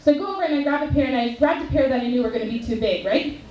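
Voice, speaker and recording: A high-pitched young woman from Canada doing a stand-up set, talking in a chatty, profane way full of "like." Her voice fills a roomy club and sounds a little distant from the mic. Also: rapid-fire, darkish tone, muffled recording. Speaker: stand-up comedian. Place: comedy club stage at a competition.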